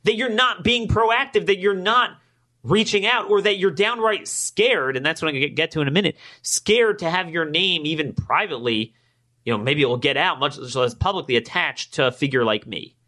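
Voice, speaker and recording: A man hosting his own political podcast, talking alone to his listeners, growing emphatic and climbing higher when he gets indignant, and acting out both sides of past conversations. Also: lively intonation, normal speed, bright, forceful tone. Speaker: podcast host. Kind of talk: political commentary monologue.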